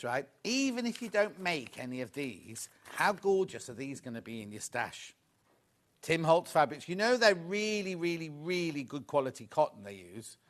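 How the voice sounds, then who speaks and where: A man's voice: fairly high pitch, fairly bright tone. A man presenting a live home shopping show in a TV studio, chatting and gushing over the products.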